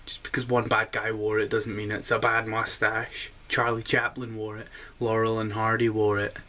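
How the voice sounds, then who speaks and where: A man rambles through a comic monologue in a dry, deadpan way, full of hesitations. His voice is low and bright, and he takes his time. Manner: deadpan, rambling, many fillers. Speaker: comedy vlogger.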